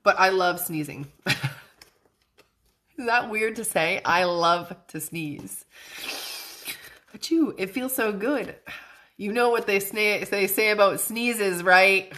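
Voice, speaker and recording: A woman's voice: mid-range voice, slow pace, long pauses, bright, forceful tone. A young woman hosting a casual livestream as a psychic medium, chatty and bubbly, often laughing as she talks to viewers.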